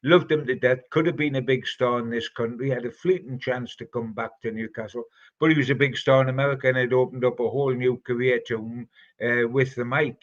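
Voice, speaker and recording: A man's voice: mid-range voice, fairly bright tone, lo-fi sound. An older man with a Geordie accent, a football pundit telling fond, rambling anecdotes on a fan podcast. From North East England. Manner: chatty, anecdotal, fond reminiscing. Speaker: football pundit answering listener questions. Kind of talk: storytelling, casual podcast chat.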